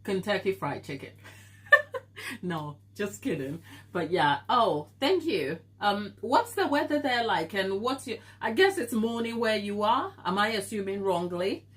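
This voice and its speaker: Speaking at a measured pace with lively intonation and medium pitch, a stuffy-nosed woman from Africa hosts a live baking stream in her home kitchen. She keeps the chat with viewers casual and laughs frequently.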